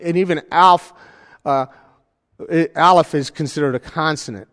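A man's voice: a little high, normal speed. A man teaching a Bible study class in a casual, conversational way, often checking in with his listeners. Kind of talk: informal teaching, demonstrating software. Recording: hall reverb.

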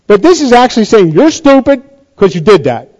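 A man's voice: high voice, very animated, a little fast, darkish tone, highs cut off. A male pastor giving a sermon in a chatty, conversational way, often restarting his sentences.

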